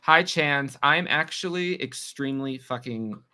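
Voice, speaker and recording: Streamer guy from New York, bright tone, chatty and teasing with his viewers. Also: medium pitch. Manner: chatty, teasing, quick reactions to chat. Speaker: livestream host. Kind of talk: casual livestream chat reading comments.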